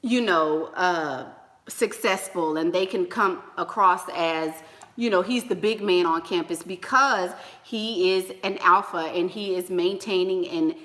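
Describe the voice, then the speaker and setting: A young woman hosting a casual livestream, lecturing with emphatic repetition and shouting greetings to donors. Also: on the low side, measured pace. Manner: preachy, repeats points for emphasis. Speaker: livestream host. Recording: roomy with long reverb.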